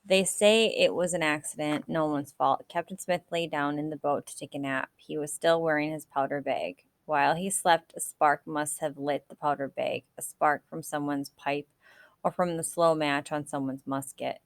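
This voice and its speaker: A woman reading a novel aloud in a measured way, now and then correcting a slipped word. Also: low voice, fairly even intonation, no echo. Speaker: audiobook reader.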